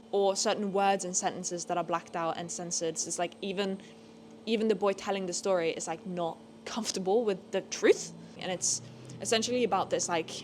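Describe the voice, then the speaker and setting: A young woman reviews books on a casual vlog, speaking in a fairly low voice over a little background hiss or hum. She's chatty, says "like" constantly, and swears freely when annoyed. Her animated talk sometimes rises into ranting bursts.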